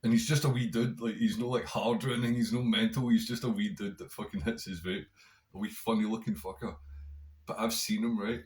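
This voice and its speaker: A man with a Scottish accent, hosting a podcast, tells a story in a casual, animated way and swears a lot. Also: lowish voice, a little fast. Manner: heavy swearing, animated, conversational. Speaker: podcast host.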